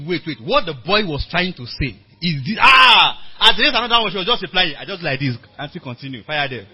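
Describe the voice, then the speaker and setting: High-voiced Nigerian pastor, husky and lo-fi. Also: male voice. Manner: animated storytelling, acting out quoted dialogue; calls on the congregation to respond. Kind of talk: sermon to a workers meeting. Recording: dull lo-fi church recording.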